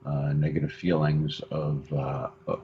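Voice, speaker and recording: A male co-host on a counseling radio show, speaking haltingly with many restarts. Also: rumbling low, completely flat delivery. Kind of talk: radio talk show discussion. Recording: dull lo-fi radio audio with faint hiss.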